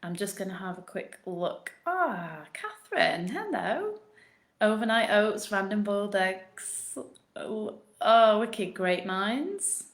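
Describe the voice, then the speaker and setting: A woman with a Northern English accent, a postnatal fitness coach chatting quickly through a live Q&A. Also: medium pitch, expressive, echoey room. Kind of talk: live Q&A chat.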